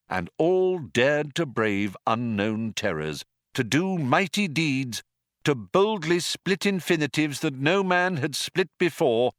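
A man giving wry, richly expressive scripted audiobook narration. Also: medium pitch, no echo, clean studio sound.

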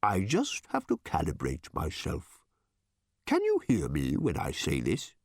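A man voicing a strange, chatty, shape-shifting bird-like machine in an audiobook, its pitch jumping from very high to very deep. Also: husky, dry recording, studio quality, exaggerated voice. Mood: matter-of-fact. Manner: shifts pitch wildly, calm and briskly matter-of-fact. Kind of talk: audiobook character voice.

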